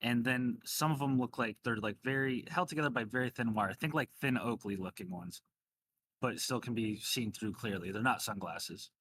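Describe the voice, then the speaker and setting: A man running a tabletop game, narrating casually with plenty of filler words. His voice sits at an average male pitch. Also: moderate pace, a bit bright, husky, dry recording. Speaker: game master.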